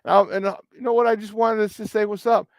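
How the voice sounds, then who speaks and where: Hyped high-voiced male sports host. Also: fast talker, no room sound. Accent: Chicago. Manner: energetic, playful shout-outs, slangy. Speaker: sports talk radio host. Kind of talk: hyped morning sports talk.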